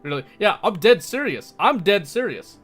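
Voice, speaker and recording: A man's voice: high-pitched, very animated, normal speed, fairly bright tone, faint music behind. A young American man chatting casually on a livestream, laughing often and answering chat. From United States.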